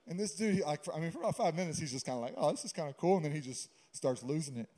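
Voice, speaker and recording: Pastor, male, higher pitch, mellow tone, casual preaching with jokes. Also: lively intonation, very fast. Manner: conversational preaching with humorous asides. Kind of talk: sermon.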